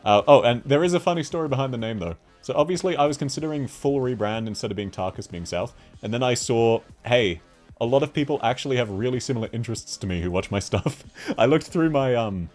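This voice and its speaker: A man's voice: mid-range voice, animated, quick pace, a little mellow, faint music behind. A man from Australia with an Australian accent, chatting casually on a live stream, laughing often as he answers chat.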